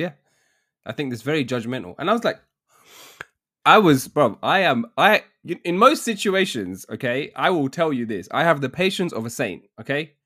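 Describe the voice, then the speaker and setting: A young man tells a story on a podcast, his voice pitched slightly high. He is animated and laughs often between lines. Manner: animated, laughing often, says "bruv" a lot. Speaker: podcast co-host. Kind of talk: casual storytelling chat.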